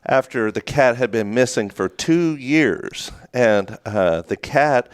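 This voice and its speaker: A man's voice: mid-range voice, animated, slow, clear, resonant tone, no echo, studio quality. A man co-hosting a local morning show, telling a long story in a rambling, casual way with many restarts. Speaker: co-host. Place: small studio.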